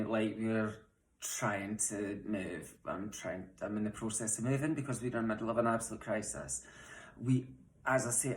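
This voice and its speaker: A young transgender woman with a Scottish accent, making an impassioned, frustrated appeal straight to camera from her home, blunt and swearing at times. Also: extremely low pitch. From Scotland. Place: home, room mid-move. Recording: roomy echo.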